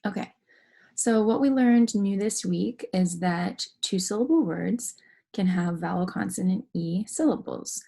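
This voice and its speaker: Husky, gravelly woman teaching phonics. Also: medium pitch, dark tone. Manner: slow, careful, explaining step by step. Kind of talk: phonics lesson for young students.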